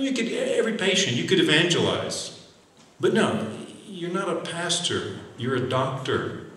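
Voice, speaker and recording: A man's voice: medium pitch, sharp tone, distant mic. Echoey man lecturing in a hall. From United States. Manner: earnest, exhortative, with acted doctor-patient examples. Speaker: physician giving a talk. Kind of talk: lecture to medical students.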